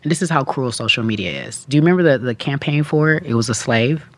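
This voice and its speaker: A woman guest speaking candidly in an interview, telling her story with animated delivery and acting out quoted voices. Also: extremely low pitch, quick pace, no echo.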